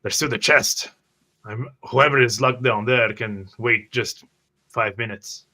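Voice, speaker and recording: Bright-voiced man playing a wary character. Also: medium pitch, steady tone, measured pace. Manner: wary, clipped in-character talk. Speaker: player. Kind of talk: tabletop role-play.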